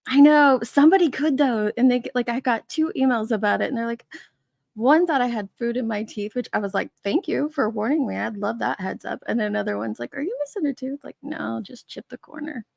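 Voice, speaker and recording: Chatty woman streamer with a gravelly edge. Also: a little high, brisk, a little mellow, no echo, studio quality. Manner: chatty, laughing often, greeting chat names. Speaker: livestream host. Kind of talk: casual live-stream chat greeting viewers. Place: basement man cave with a gray wall.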